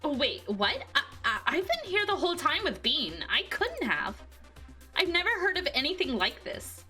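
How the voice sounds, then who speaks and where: A shy, bookish young woman from a visual novel, as a woman voices her, a little high and nervous, tripping over her words. She sounds gentle and unsure of herself, with faint game music behind her. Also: sing-song, moderate pace, exaggerated voice. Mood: flustered.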